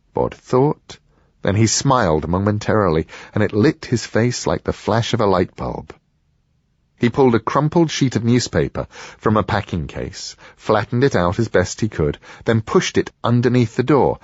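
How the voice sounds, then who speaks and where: A man narrating an audiobook in a measured storytelling manner. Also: lowish voice, a little mellow, slightly rough, no room sound, lo-fi sound.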